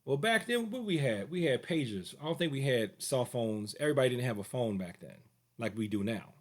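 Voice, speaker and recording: A man's voice: medium pitch, animated, fairly quick. A martial arts teacher telling a personal story to camera in a casual way, acting out the other people's voices as he goes.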